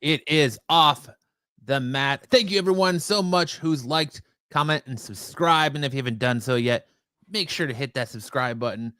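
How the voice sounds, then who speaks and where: A man hosting a live wrestling chat show, relaxed and joking as he explains the news. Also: mid-range voice, moderate pace, no echo. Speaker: podcast host. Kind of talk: casual live-stream chat.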